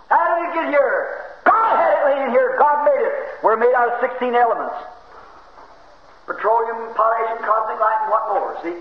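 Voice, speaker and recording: A man preaching a fervent sermon, swinging from shouted exclamations to low, folksy storytelling. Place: church. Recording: roomy, dull 1950s church tape with faint hiss.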